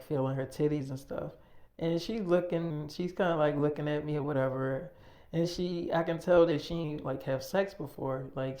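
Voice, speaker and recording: A man's voice: on the high side, darkish tone. A young man, casually telling an improvised story in a boastful, slangy way.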